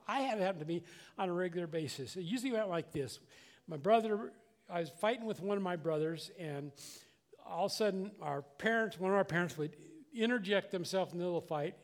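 An older man serves as a pastor, delivering a conversational sermon with earnest, plainspoken delivery. His voice sits high, and he often restarts sentences and repeats words.

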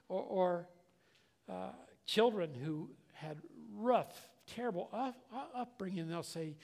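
A man's voice: high voice, slow pace, vocal fry, a little mellow. An older man preaching a conversational sermon as a pastor, earnest and plainspoken, often restarting and repeating words.

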